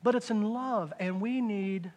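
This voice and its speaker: A man preaching a conversational sermon, dropping into hushed asides and rising into loud excited bursts. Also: sits high, a little slow. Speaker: pastor.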